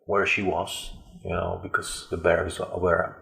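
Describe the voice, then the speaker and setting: Deep, flat-voiced man telling his story. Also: gravelly, echoey room. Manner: halting, with frequent fillers and restarts. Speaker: interview guest. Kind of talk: personal storytelling.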